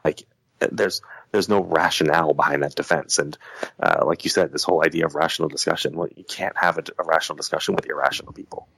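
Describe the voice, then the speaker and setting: A man's voice: a bass voice, fairly even intonation, fast, creaky, fairly bright tone, breathy edge, no echo, rough recording. A man in a casual podcast conversation, talking in a heated, rambling way with lots of restarts. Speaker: podcast guest.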